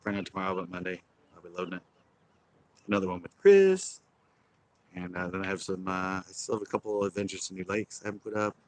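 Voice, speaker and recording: A man's voice: low-pitched, fast, a little mellow, rough recording. A man hosting a casual fishing live stream outdoors on a pier, rambling and chuckling as he talks. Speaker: fishing livestream host.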